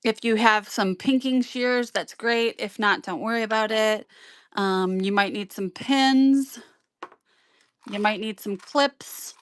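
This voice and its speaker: A woman's voice: fairly high pitch, slow, fairly bright tone. A woman hosting a casual sewing tutorial on a live stream, chatty and rambling with many ums, greeting viewers by name. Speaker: sewing livestream host.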